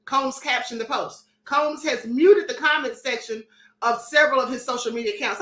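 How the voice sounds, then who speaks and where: A woman's voice: high-pitched, normal speed, sharp tone, roomy sound. A woman hosting a live-stream commentary show, reading chat comments aloud in a sassy, defiant and emphatic way.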